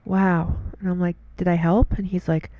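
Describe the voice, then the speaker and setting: A woman's voice: fairly low pitch, level tone, normal speed, no echo, narrow, tinny audio, soft background music. A woman giving an earnest devotional talk in a casual monologue, telling stories and repeating words as she goes.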